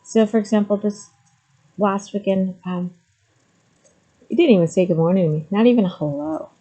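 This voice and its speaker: A woman's voice: mid-range voice, moderate pace, warm tone, rough recording. A middle-aged woman talking candidly to the camera, with frequent ums, moving between hesitant and emphatic speech. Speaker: vlogger sharing personal story. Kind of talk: candid personal talk to camera.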